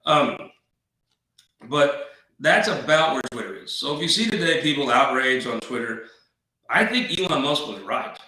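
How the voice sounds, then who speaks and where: Guy doing political commentary, bright sharp voice, kinda far off in a real echoey room. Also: a little high, expressive, moderate pace. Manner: folksy, wisecracking, rambling asides. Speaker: political talk show host.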